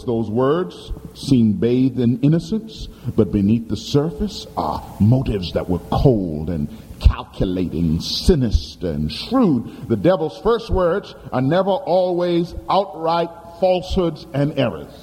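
A man's voice: mid-range voice, sing-song, a little slow, mellow, a little hiss or hum. A man preaching a sermon as pastor, dramatic and emphatic, posing questions to the congregation. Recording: echoey hall with faint ambience.

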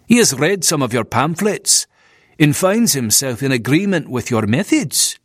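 A man's voice: on the high side, sing-song, unhurried, no echo, studio quality. A man voicing a nervous, disapproving male Victorian minister who talks in a stiff, fussy, complaining way.

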